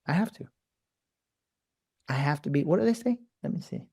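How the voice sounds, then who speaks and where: A man hosting a live-streamed spiritual talk, animated and profane, who repeats words in quick bursts. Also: a little high, gravelly, slightly rough. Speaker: host.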